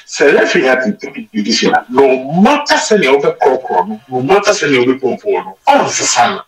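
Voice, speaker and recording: A man with a Ghanaian accent, talking as a football pundit in an animated studio sports discussion, mixing Twi and English. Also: mid-range voice, moderate pace, far from the mic. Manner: animated, mixes Twi and English mid-sentence. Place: radio studio. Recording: roomy and off-mic radio studio sound.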